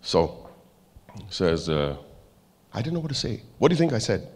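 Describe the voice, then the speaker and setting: Animated Indian man giving a keynote. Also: lowish voice, moderate pace, breathy edge, big-room sound. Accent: Indian English. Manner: animated storyteller, acts out characters, jokes with the audience. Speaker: keynote speaker. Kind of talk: motivational keynote speech.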